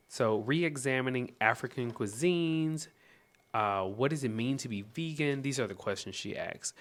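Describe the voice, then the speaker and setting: Animated Southern American man reviewing cookbooks. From Southern United States. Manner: animated, chatty, reads aloud and reacts with sudden high exclamations. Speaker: host. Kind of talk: casual cookbook review vlog.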